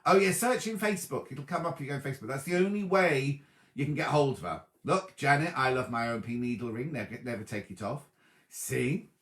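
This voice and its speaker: A man hosting a sewing show in a chatty, easily distracted way, reading viewer comments out loud from his sofa at home. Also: medium pitch, animated, a little fast, reverberant. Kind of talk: casual livestream chat reading viewer comments.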